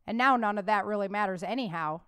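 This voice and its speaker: A woman's voice: mid-range voice, fast, a bit bright, smooth, dry recording, lightly acted. A woman voicing a polite, earnest young man who is unsure about love and speaks frankly.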